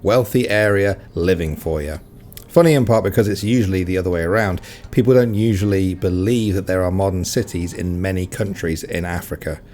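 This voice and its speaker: A man's voice: sits low, fairly quick, darkish tone. A man reading reddit stories aloud in a casual way, adding wry, joking comments between them. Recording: faint music behind.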